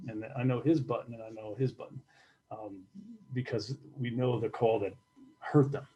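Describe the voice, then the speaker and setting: A middle-aged man recounts his years as a fire captain in a candid interview. His voice is mellow and dark, and he speaks haltingly, doubling back and repeating words as he thinks. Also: medium pitch, fairly even intonation, dull audio. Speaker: retired fire captain, guest.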